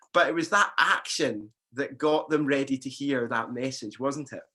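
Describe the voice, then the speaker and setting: A man delivering a sermon as a pastor in an easy, conversational manner. He often restarts his phrases and fills pauses. His voice is bright and forward. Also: mid-range voice.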